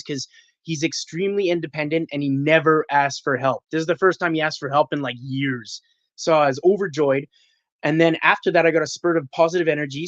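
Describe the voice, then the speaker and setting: A man from Canada on a livestream call, venting in an agitated, profane rush. His voice sits high and sounds dry and close, with dull, lo-fi call audio. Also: dry recording. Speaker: caller, panel guest. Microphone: video call.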